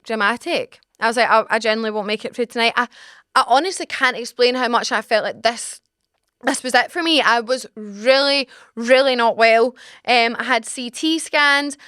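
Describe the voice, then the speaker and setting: Young scottish woman, high voice, dry close sound, animated dramatic storytelling, podcast host. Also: smooth, no echo. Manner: animated, dramatic retelling with acted-out exclamations. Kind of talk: casual storytelling chat. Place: small home podcast studio.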